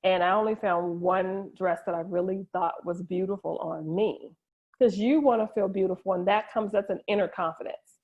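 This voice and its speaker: A woman's voice: mid-range voice, steady tone, normal speed. A middle-aged woman, a guest in an interview, candidly sharing an emotional personal story with frequent restarts. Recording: dull lo-fi audio.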